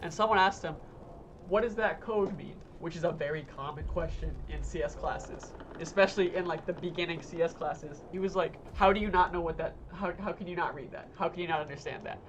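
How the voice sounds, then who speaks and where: A young adult streamer chats casually while playing a game. The talk rambles, restarts and swears, stacked with fillers. The voice sits at a middling pitch over a faint room hum. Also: brisk. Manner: rambling, profane storytelling full of fillers. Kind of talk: casual chat while gaming.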